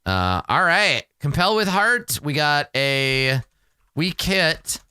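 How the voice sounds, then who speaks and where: Unhurried man narrating a solo tabletop game. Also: on the high side, clean tone, no echo. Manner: relaxed, rambling, self-amused.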